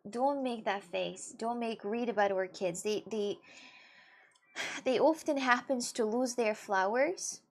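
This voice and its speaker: Animated woman streamer chatting. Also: a little high, takes it slowly. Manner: animated, ranting, laughs often, fillers like "you know". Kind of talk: casual live-stream chat.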